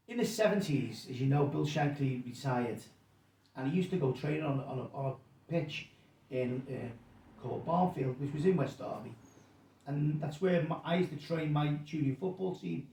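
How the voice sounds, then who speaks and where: Gravelly man in his sixties. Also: fairly high pitch, warm tone. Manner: rambling, self-correcting, acts out quotes. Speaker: guest storyteller. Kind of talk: casual anecdote telling. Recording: roomy sound, distant mic.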